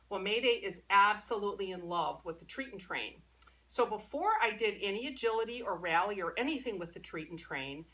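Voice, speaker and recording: A woman's voice: on the low side, sharp tone. A woman dog trainer talking casually while she works with her dog, explaining as she goes. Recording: distant mic, faint background noise.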